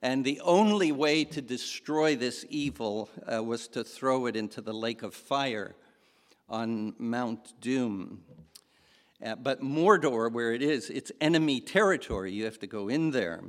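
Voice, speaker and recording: A man preaching a sermon, telling a story in a halting way and acting out the quoted lines. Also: medium pitch. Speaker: pastor. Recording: long hall reverb.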